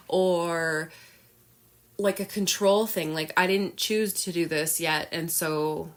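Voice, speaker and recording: A woman's voice: on the low side, fairly even intonation, slow. A woman podcast host candidly retelling a personal story in an emotional monologue, with many fillers.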